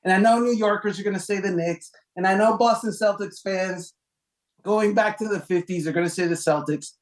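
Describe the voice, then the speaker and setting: A man co-hosting a casual sports talk show, counting down a list with lively, emphatic delivery and rhetorical questions. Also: fairly quick, low-quality recording. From Cuban heritage, raised in South Florida. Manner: animated, rhetorical questions, emphatic pitch jumps.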